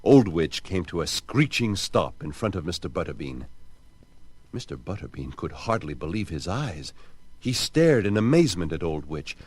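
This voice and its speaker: A man narrating a children's storybook record in an expressive, theatrical way. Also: low-pitched, normal speed, slightly rough, dry recording.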